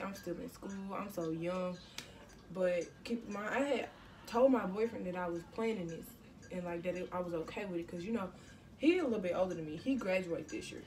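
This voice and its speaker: A teenage woman telling her own story in a casual storytime vlog, animated and slangy, with bursts of exclamation. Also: lowish voice, distant mic, slight background noise. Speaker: vlogger.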